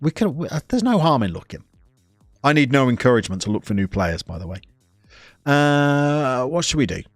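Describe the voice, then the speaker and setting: A man's voice: mid-range voice, very animated, normal speed, no echo, faint music behind. A man streaming a football management game, chatting casually and reading out chat messages as he goes. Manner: chatty, reads chat aloud, self-interrupting.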